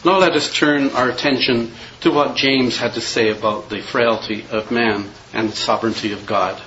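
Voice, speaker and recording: A man's voice: medium pitch, steady tone, a bit bright, highs cut off, a little hiss or hum. Earnest male preacher reading scripture. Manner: measured, earnest preaching with quoted verses.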